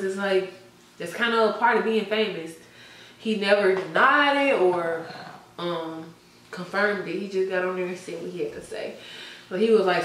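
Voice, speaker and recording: A woman's voice: medium pitch, steady tone, normal speed. Chatty woman, gossiping, laughs lots, far from the mic in a super echoey room. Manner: chatty, laughs often, trails off with "I don't know". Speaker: vlogger. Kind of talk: casual gossip chat.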